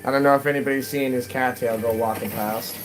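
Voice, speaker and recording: A man's voice: mid-range voice, steady tone, fast, soft background music. A man from New England chatting casually with his viewers while gaming, rambling from topic to topic and laughing often. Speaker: live streamer.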